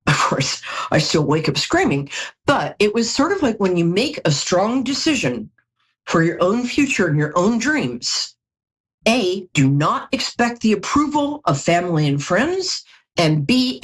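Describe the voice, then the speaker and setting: A middle-aged psychic tarot reader, tired from lack of sleep, reads cards on a live call-in show. She's chatty and jokey with storytelling asides, speaking at a measured pace in a medium-pitched, sing-song voice with a breathy edge.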